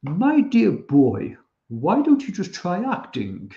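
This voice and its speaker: A man doing an impression of a posh, elderly English stage actor, drawling slowly and dismissively. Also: on the high side, expressive, darkish tone, highs cut off. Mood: condescending.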